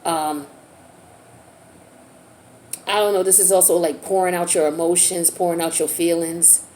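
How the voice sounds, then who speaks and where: A woman's voice: on the low side, fairly even intonation, unhurried, a little mellow, a little hiss or hum. A woman giving a casual tarot reading in a chatty, slang-filled way. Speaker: tarot reader.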